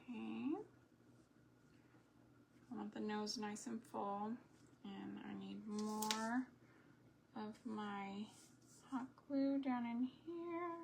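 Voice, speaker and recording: Slow, chatty woman crafting on a live stream. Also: mid-range voice, gravelly, a little hiss or hum. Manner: rambling, chatty asides while working. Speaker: homesteading craft host.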